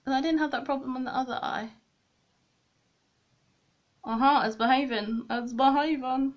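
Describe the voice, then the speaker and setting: Sitting at a desk with a mirror in her room at home, a young beauty vlogger does her makeup for a chatty get-ready-with-me video. Her voice is on the high side with vocal fry, and she rambles to viewers while poking fun at herself.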